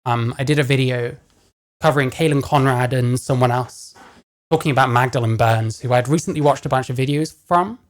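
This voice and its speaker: A woman reacting to a video, blunt and sarcastic, often swearing. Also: a bass voice. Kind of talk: casual reaction commentary.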